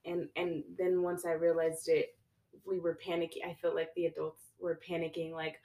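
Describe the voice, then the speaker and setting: A young woman with a notably low voice, talking casually as a podcast guest. She tells stories with animation and jumps her voice way up when she acts out what others said. The room around her rings with echo. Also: moderate pace. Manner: animated storyteller, acts out quotes with pitch jumps. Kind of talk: casual conversation. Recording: echoey room.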